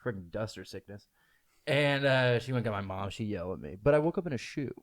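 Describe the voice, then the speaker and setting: A man's voice: medium pitch, expressive, fast talker. A young man hosting a casual podcast chat, laughing as he tells stories and acting out the people in them. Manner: laughs through stories, acts out quoted voices. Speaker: podcast host.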